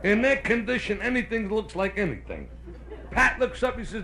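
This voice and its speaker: Brash Brooklyn comedian with gravelly voice. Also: male voice, high-pitched, big pitch swings, sharp tone. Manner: brash storyteller doing quick character voices. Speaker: stand-up comedian. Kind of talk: live stand-up joke telling. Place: hotel nightclub stage. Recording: live club recording with faint noise. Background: audience laughter.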